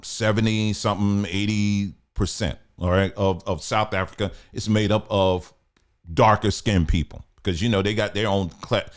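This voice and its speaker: A man's voice: fairly low pitch, fairly even intonation, normal speed. A man hosting a commentary channel, talking earnestly and repetitively, checking that his listeners follow along. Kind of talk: conversational commentary monologue.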